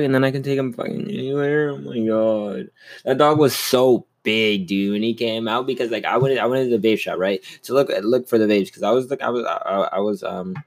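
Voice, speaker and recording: A man's voice: on the low side, gravelly. A young man hosting a solo podcast, rambling in a casual, upbeat way and swearing a lot. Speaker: podcast host.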